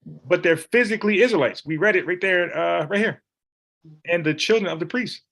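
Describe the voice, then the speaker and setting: A man's voice: high voice, moderate pace, vocal fry, a bit bright. A man leading an informal Bible study, talking in an emphatic, slangy, conversational way.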